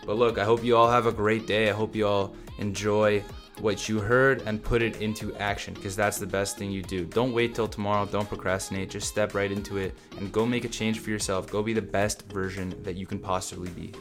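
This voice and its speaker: A man's voice: on the low side, level tone, a little fast, a bit bright, soft background music. A man hosting a solo motivational podcast, talking bluntly and casually to his listeners and swearing freely. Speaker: podcast host.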